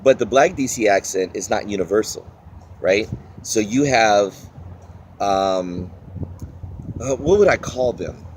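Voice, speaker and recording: A man's voice: on the low side, lively intonation, a little slow, pauses often, darkish tone, a little hiss or hum. A man with a Washington DC accent, rambling and searching for words as he talks through an accent-challenge vlog. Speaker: vlogger.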